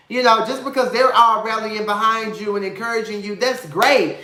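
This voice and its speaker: A man chats on a live stream with a bright, forceful voice. His delivery is sassy and campy, full of slang and swearing, and he sounds affectionate toward his viewers. The sound is roomy and echoey. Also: sits high, animated, fairly quick. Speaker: host of a live reality TV review stream. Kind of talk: casual live-stream chat.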